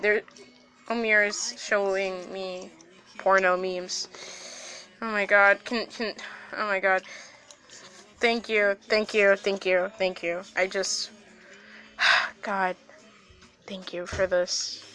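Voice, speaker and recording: A young woman hosting a casual podcast chat, swearing often and laughing loudly. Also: mid-range voice, flat delivery, slow, pauses often, soft background music. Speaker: podcast host.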